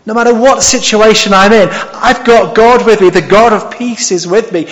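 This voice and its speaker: A man's voice: high voice, moderate pace. A male preacher giving an expository sermon, often asking the congregation questions. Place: church hall. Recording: dull sound with long hall reverb.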